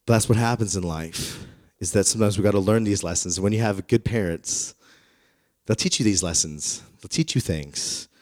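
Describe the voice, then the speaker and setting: A man in his thirties preaching a sermon through personal stories, in a conversational, self-deprecating manner that grows animated when he retells dialogue. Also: lowish voice, normal speed, dry recording, clean studio sound. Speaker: pastor. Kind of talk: storytelling sermon.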